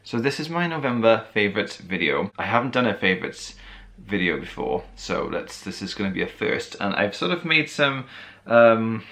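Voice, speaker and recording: A man from Wales with a deep, gravelly voice talks in a friendly, rambling way, like a relaxed catch-up over tea. He is tired and losing his voice after a long day. He is recording on a camera mic in his bedroom. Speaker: vlogger. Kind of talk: casual chat.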